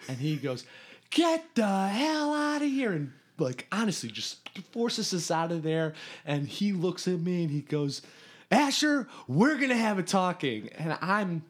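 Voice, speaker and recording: A man from Hungary, a podcast guest, telling a story in an animated, rambling way with lots of restarts. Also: medium pitch. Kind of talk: casual storytelling.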